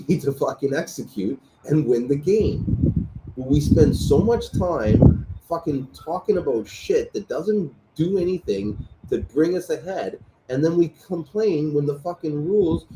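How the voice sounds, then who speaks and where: A man chatting casually and telling animated stories, swearing freely, recorded in a room at night. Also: a little high, a little hiss or hum, poor audio. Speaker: host. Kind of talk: casual chat. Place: room at night lit by a selfie light.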